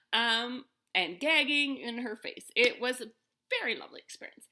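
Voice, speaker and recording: Chatty lady rambling through a story, bright voice, lots of ums. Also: a little high, lively intonation, measured pace. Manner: chatty, rambling with many fillers and restarts. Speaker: vlogger telling a personal story. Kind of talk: casual storytelling.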